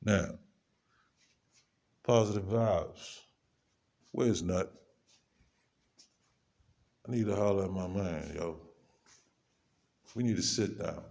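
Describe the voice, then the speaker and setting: A man's voice: low-pitched, takes it slowly, gravelly, pauses often, darkish tone. A man vlogging, ranting to the camera in a loose, rambling way, full of slang and asides to himself. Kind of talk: rambling casual rant to camera.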